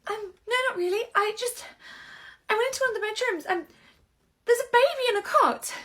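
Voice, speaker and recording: A woman's voice: very high-pitched, fairly quick, a bit bright, pitched above the performer's own voice. A woman playing a nervous young babysitter in a comedy sketch, stammering and repeating herself as she tries to get her point across. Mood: flustered.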